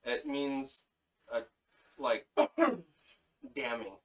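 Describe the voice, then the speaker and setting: A man's voice: medium pitch, sing-song, drawn-out words, a bit bright, far from the mic, poor audio. A man co-hosting a casual podcast, reading through a list of names with fillers and self-corrections. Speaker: podcast co-host.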